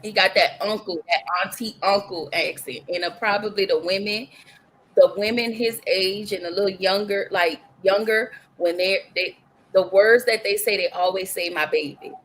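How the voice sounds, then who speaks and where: A woman's voice: medium pitch, steady tone, normal speed, fairly bright tone, slight background noise, rough recording. Blunt woman with a New Orleans accent. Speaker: guest. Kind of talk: casual chat on a live show review.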